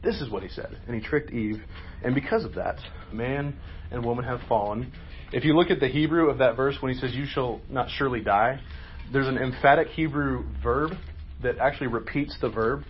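A man's voice: medium pitch, normal speed. Man, Bible study leader, conversational questioning, faint background hum, muffled sound. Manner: asks questions, conversational, emphatic. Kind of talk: group Bible lesson.

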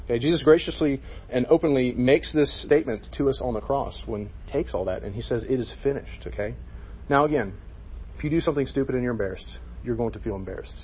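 A man's voice: medium pitch, quick pace, muffled recording, a little hiss or hum. A man leading a casual Bible lesson for a youth group, talking to them with frequent "okay?" check-ins.

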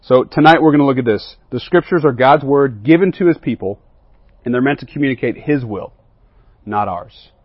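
A man's voice: medium pitch, lively intonation, normal speed, husky, dry recording, muffled recording. A man leading a Bible lesson as a youth pastor, often asking the group questions and checking in with "right?" and "okay?".

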